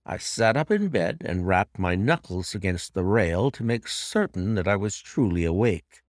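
A man with a low voice narrates a classic tale in the first person, his pitch rising and falling with each turn of the story. The recording is dry and close, with no room sound at all. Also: expressive, moderate pace, no room sound. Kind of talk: dramatic audiobook narration.

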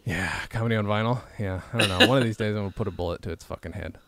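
A man hosting a podcast, telling rambling stories in casual chat, swearing freely and slipping into quick impressions. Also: lowish voice, fairly bright tone. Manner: rambling storytelling with profanity and impressions. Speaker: podcast host.

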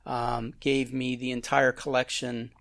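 A man's voice: mid-range voice, little pitch movement, unhurried, creaky, fairly bright tone. A man hosting a casual film chat, rambling and restarting his sentences. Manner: rambling, self-interrupting.

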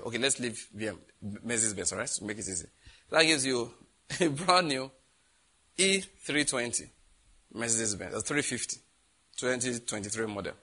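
A man's voice: mid-range voice, pushed and bright, breathy edge. A man preaching a sermon, reading scripture aloud and asking the congregation questions.

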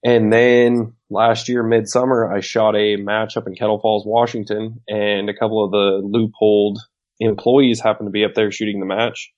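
A man guest on a podcast, telling a story in a loud, outgoing, wisecracking way. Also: fairly low pitch, flat delivery, normal speed. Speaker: podcast guest, competitive shooter. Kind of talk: casual storytelling. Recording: muffled lo-fi sound.

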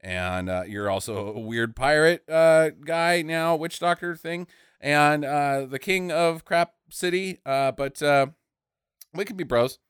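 A man voicing a laid-back male warrior who talks like a bro, low and mumbling with lots of fillers. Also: slow, fairly bright tone, clear, resonant tone, dry recording, studio quality. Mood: chummy.

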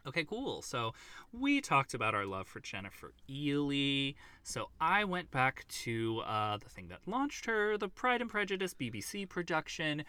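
A man's voice: fairly high pitch, very animated, normal speed, pushed and bright, clean tone. A man co-hosting a casual film podcast, wry and teasing. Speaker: podcast co-host.

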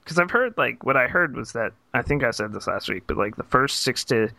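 A man co-hosting a casual gaming podcast, making upbeat quick remarks. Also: medium pitch, animated, gravelly, sharp tone, no echo. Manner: upbeat, quick remarks, reads chat questions. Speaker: podcast co-host. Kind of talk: casual chat.

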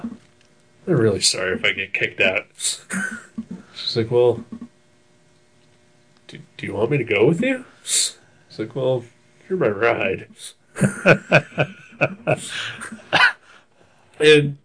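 A young man spins a rambling story in casual chat, his lowish voice bright and edged, the pitch jumping all over. He leans on fillers, laughs often and swears freely. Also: animated, slow pace, pauses often. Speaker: podcast co-host telling a story.

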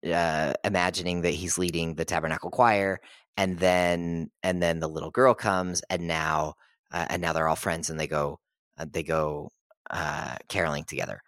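A podcast host with a fairly low voice chats casually and gets animated retelling scenes, jumping into quick voices for the characters he quotes. The recording is dry and close, with no room sound or echo.

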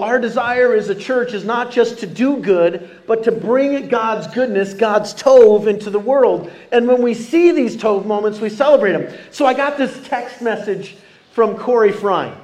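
A man preaching a sermon as pastor, animated and calling out questions to the congregation. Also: high voice. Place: church sanctuary.

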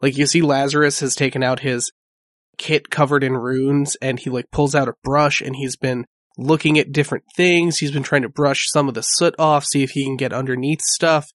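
A man's voice: mid-range voice, fairly even intonation, moderate pace, no room sound. A man running a tabletop game as game master, describing scenes in a casual, descriptive way.

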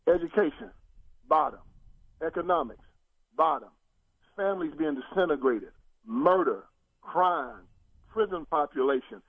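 An older man holds forth like a preacher, driving each point with sweeping rises in his voice. His voice sits slightly high and comes through thin and tinny, like a phone line. There is no room echo at all. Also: breathy edge. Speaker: guest commentator. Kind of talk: political talk show conversation.

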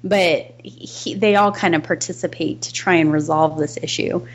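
A woman's voice: low voice, fairly even intonation, normal speed, dull audio. A woman co-hosting a podcast in casual film discussion, thoughtful, restarting her sentences and laughing between points. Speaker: podcast co-host.

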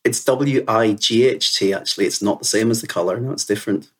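A man answers interview questions modestly and briskly. He talks fast, and his voice is husky. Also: fairly low pitch, fairly bright tone. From England. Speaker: teacher and podcast guest. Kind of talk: casual interview talk.

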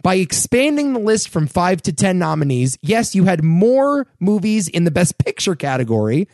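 A young man hosts his own podcast, his fairly high voice leaping up and down as he rants. The sound is dry and close, with no room around him. He talks in a loose, animated way, his pitch climbing when he gets worked up. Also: moderate pace, no echo. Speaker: podcast host. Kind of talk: casual solo podcast commentary.

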